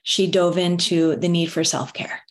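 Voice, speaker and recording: A woman's voice: on the low side, fairly even intonation, a little slow. Earnest woman sharing a motivational story. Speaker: wellness speaker. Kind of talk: motivational talk.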